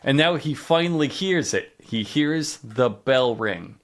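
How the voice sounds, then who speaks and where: A man's voice: mid-range voice, animated, measured pace. A man co-hosting a comedy podcast, narrating a show recap with sarcastic asides. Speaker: podcast co-host.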